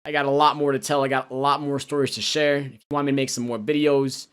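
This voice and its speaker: A man's voice: mid-range voice, flat delivery, fairly bright tone, clean tone. Young man telling a prison story. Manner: loose, halting, full of restarts and slang. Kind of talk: personal storytelling.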